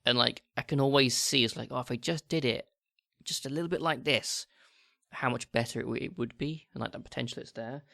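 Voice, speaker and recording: A man's voice: medium pitch, brisk, creaky, a bit bright, dry recording, studio quality. A man hosting a casual podcast chat, chatty and full of fillers and repeated words. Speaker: podcast host.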